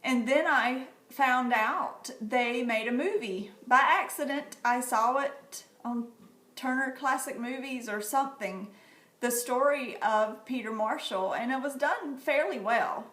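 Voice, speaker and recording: Middle-aged woman chatting about books on a phone livestream, kinda high voice, lots of ums, echoey room. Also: slow pace, a bit bright. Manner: chatty and heartfelt, with frequent ums. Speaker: livestream host sharing books. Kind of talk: casual live-stream book talk.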